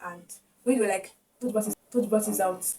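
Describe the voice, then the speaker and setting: A young Nigerian-accented woman vlogs a personal story to camera in a mellow, mid-range voice, talking a little fast. She grows emotional and keeps repeating her words, and the distant mic catches faint background noise.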